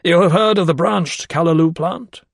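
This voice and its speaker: Guy doing a stiff old gentleman scientist, formal, pushes his words hard, dry close sound. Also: normal speed, creaky, dry recording. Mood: guarded. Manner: emphatic, formal and raised in pitch. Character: solemn, guarded elderly gentleman of science.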